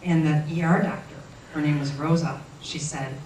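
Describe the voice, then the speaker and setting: Woman guest, earnest halting storyteller, roomy distant recording with faint noise. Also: low-pitched, steady tone, a little mellow. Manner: earnest, halting with frequent restarts. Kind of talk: personal storytelling.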